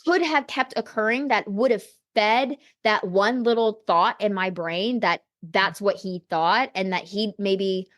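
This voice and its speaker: A woman's voice: medium pitch, measured pace, hardly any pauses. A woman guest on a podcast interview, telling a personal story in a reflective, candid way with frequent casual fillers. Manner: reflective, personal, heavy on "you know" and "like".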